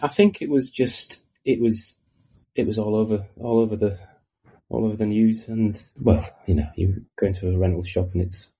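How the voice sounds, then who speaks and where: A man's voice: lowish voice, moderate pace, dark tone, husky. A man with a Yorkshire accent, a guest on a movie podcast, recalling things in a rambling, self-correcting way. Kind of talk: casual podcast chat.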